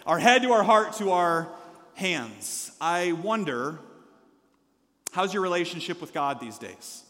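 High-voiced man preaching in a reverberant hall. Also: slow pace. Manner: energetic, leads call-and-response with congregation; shifts between loud exhortation and quiet asides. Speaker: pastor. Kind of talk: sermon. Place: church sanctuary.

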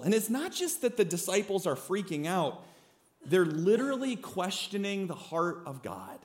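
Male pastor, high voice, emphatic and conversational sermon delivery, keeps checking in with the congregation. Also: big pitch swings, moderate pace. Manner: emphatic, calls on the congregation to respond; conversational, with frequent "right?" and "okay?" check-ins.

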